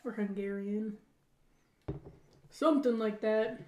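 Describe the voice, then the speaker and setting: A woman's voice: medium pitch, steady tone, slow pace, warm tone, muffled recording, slight background noise. A woman co-hosting a podcast in casual chat, giggly and laughing often. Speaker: podcast co-host. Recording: echoey room.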